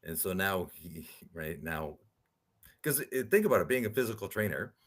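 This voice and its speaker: A man, a podcast guest, telling animated stories and often asking "right?" as he talks. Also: low-pitched, moderate pace. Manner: animated storyteller, rhetorical "right?" tags. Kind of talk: storytelling interview talk.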